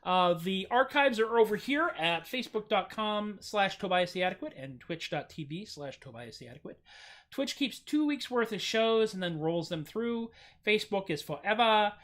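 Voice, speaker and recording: An American man hosting a casual livestream from home, chatty and self-mocking, with goofy jumps up in pitch on his jokes. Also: animated, moderate pace, a bit bright. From United States. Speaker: streaming musician host.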